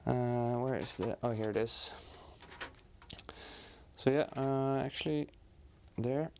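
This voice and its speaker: Male stream co-host thinking aloud mid-task, halting and filler-heavy, faint hiss. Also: medium pitch, vocal fry, a little mellow. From Europe. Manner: hesitant, full of fillers, talks while working with his hands. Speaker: livestream co-host building a PC on camera. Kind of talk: casual livestream chat.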